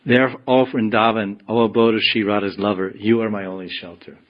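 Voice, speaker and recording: A man giving a devotional scripture class, telling stories in a slow, meditative way. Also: lowish voice, fairly even intonation, lo-fi sound. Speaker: spiritual teacher.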